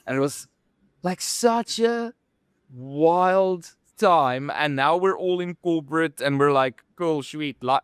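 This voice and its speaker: Smooth-voiced man telling stories. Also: a little high, slow, dry recording, studio quality. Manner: rambling, animated storytelling with many fillers. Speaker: podcast co-host. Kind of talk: casual storytelling chat.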